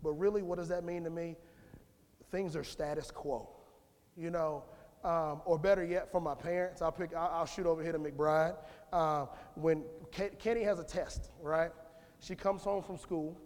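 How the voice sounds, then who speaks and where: A man's voice: on the high side, steady tone, normal speed, a little mellow. A man giving an informal, conversational sermon in church, rambling with restarts and calling on the congregation. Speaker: lay speaker giving a church message. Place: church sanctuary. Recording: long church hall reverb.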